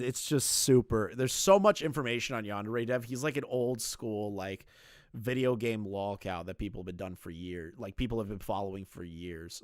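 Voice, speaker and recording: A man's voice: on the low side, no echo, studio quality. A young man streaming live, ranting bluntly with lots of swearing and repeated phrases.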